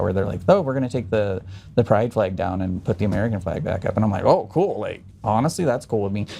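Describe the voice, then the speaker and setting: Male podcast guest, dark voice, rambling and provocative. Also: on the low side, vocal fry, slight background noise. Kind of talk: casual chat.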